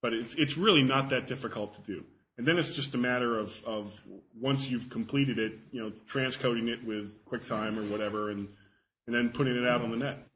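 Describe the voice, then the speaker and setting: A man's voice: mid-range voice, a little fast, a bit bright, a little hiss or hum, low-quality recording. A man giving a casual talk and answering audience questions, chatty and self-deprecating, often repeating words as he thinks.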